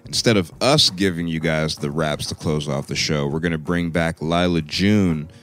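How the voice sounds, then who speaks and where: Deep-voiced laid-back male podcast host. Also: normal speed, fairly bright tone. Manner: laid-back, loose and profane. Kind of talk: casual chat.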